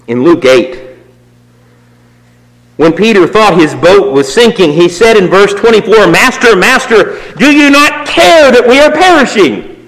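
Male preacher, high and very animated, reverberant hall sound. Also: unhurried. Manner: swings from raised emphatic lines to low quiet asides. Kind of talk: sermon.

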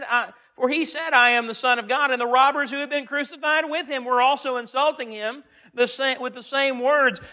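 A man preaching a sermon, reading scripture aloud and earnestly slowing down and swelling his voice for emphasis. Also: very high voice, bright, forceful tone.

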